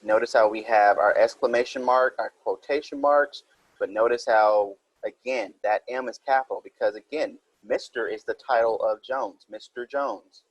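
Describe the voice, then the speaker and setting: Male teacher, husky voice, dry close recording, patient step-by-step explaining. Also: medium pitch, moderate pace, dry recording, dull audio. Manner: explains step by step, reads example sentences aloud. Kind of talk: recorded writing minilesson.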